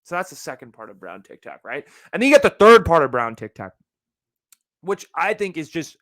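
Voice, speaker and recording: Young male podcast host, solo rant, swears a lot, fairly high voice, dry close sound. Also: fairly quick, no room sound. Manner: animated, profane, ranting.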